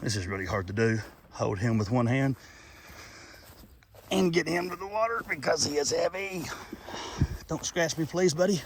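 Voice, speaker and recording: A man's voice: a little high, expressive, moderate pace, long pauses, a little hiss or hum. Chatty folksy man outdoors. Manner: folksy, chatty, rambling with fillers. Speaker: channel host. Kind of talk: casual outdoor nature vlog. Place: outdoors by a backyard pond.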